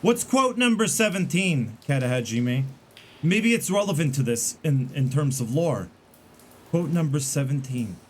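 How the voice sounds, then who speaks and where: A man's voice: fairly high pitch, expressive, a little slow, slight background noise. A man giving casual, rambling game commentary to his stream chat, full of fillers and restarts.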